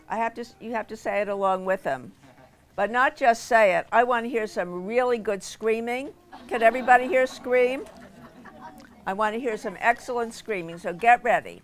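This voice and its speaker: A woman's voice: on the high side, moderate pace. A woman, a children's author, reading her picture book aloud at a storytime in a bookstore and coaxing the children to join in. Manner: animated, playful storyteller coaxing kids to join in. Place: indoor bookstore reading event.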